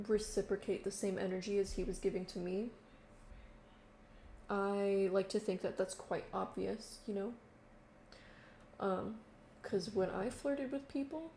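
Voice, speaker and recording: A woman's voice: medium pitch, dark tone. A young woman telling a story in casual chat, lots of fillers and quoted voices, recorded in an echoey room. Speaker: vlogger. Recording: echoey room with faint noise.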